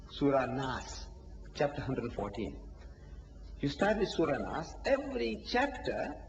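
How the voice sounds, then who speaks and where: A high-voiced male preacher gives a lively religious lecture, firing rhetorical questions, acting out little dialogues and laughing often. It's preserved on a dull, lo-fi archive tape with long, roomy hall echo and faint hiss underneath.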